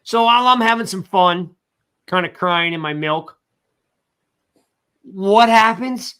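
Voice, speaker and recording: Animated high-voiced sports show host. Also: male voice, takes it slowly, clear, resonant tone. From South Jersey. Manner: animated, reads chat shout-outs. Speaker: podcast host. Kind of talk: casual sports talk livestream.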